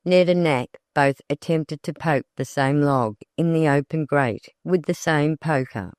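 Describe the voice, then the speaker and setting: Audiobook narrator, smooth clear voice, steady even reading, dry close mic. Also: mid-range voice, no room sound.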